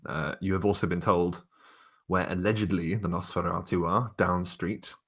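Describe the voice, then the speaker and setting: A man with a very deep voice runs a tabletop game as its game master. His narration is loose and unhurried, dotted with fillers as he sets scenes for his players. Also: husky. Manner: relaxed, wordy narration with fillers.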